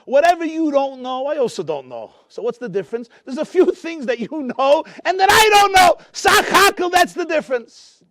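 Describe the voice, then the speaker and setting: Guy doing a tipsy wedding joker, teasing, high keyed-up voice. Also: very animated, a little fast, hardly any pauses, darkish tone, dry recording, exaggerated voice. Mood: impassioned. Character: bold joking male wedding jester, tipsy.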